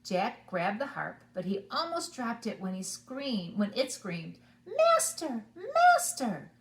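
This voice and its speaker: Animated preschool teacher reading aloud. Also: female voice, mid-range voice, measured pace, echoey room. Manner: animated, asks the children along. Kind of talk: storybook reading for children.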